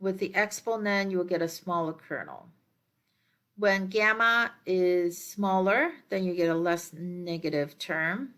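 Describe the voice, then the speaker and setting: A woman lecturer explaining her slides in a measured way, with frequent ums and uhs as she works through each step. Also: lowish voice, fairly bright tone.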